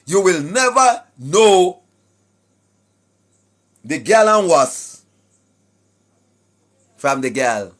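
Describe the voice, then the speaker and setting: A Jamaican man giving a preachy monologue to his viewers, emphatic, often shouting, tagging his points with questions. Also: high voice, very animated, very slow, pauses often. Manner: emphatic, often shouting, tags lines with "right?". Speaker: online commentator.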